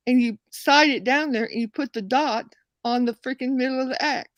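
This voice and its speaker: A woman host telling a long story in a casual, rambling, animated way, often restarting her sentences. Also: high voice, moderate pace, no room sound. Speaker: show host.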